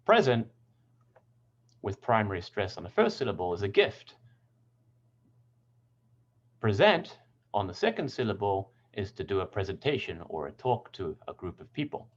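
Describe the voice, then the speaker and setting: A man teaching English pronunciation in a scripted lesson, speaking clearly and deliberately and stressing example words. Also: sits low, big pitch swings, lo-fi sound.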